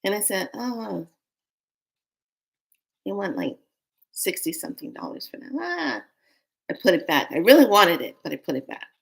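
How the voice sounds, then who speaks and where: A woman's voice: mid-range voice, big pitch swings, fairly quick, creaky, low-quality recording. A woman telling an emotional personal spiritual story, earnest and speaking directly to her listeners.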